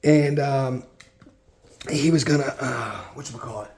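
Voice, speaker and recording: A man's voice: medium pitch, a little slow, darkish tone. Chatty man telling stories in an echoey room. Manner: rambling, chatty, many fillers and restarts. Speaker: card collection vlogger. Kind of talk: casual storytelling while sorting cards.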